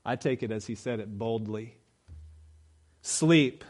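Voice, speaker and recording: A middle-aged man preaching a sermon, swinging between loud urgent emphasis and low, quiet storytelling. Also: flat delivery, brisk, soft background music.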